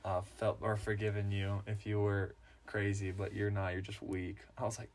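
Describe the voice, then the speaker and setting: A man's voice: fairly low pitch, monotone, normal speed. A man co-hosting a casual movie review chat, conversational and a little critical. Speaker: podcast co-host.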